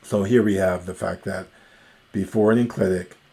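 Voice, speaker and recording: Male teacher, deep voice, unhurried and methodical, lecture delivery with frequent pauses. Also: steady tone, vocal fry, dark tone. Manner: slow, methodical, pausing often with ums. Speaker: Greek teacher. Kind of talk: recorded grammar lecture.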